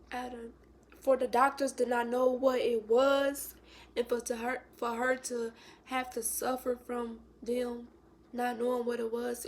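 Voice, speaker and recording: A young woman tells a sad story to her viewers, her voice gravelly and fairly high. She speaks close to tears and often sinks into a whisper. Her pitch stays flat, with a faint hiss of noise behind her. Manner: emotional, tearful, drops to a whisper. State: close to crying. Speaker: vlogger. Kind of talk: storytime vlog.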